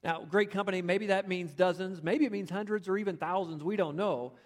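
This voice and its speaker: A man preaching a sermon, telling the story with animated, conversational asides. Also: sits high, a little fast. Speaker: pastor. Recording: long hall reverb.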